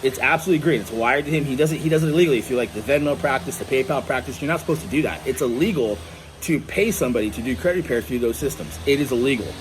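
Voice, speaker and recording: Male vlogger, combative rant, salty language; quiet room hum behind. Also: mid-range voice, rapid-fire. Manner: blunt, profane, combative. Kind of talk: angry ranting monologue. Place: indoors at home.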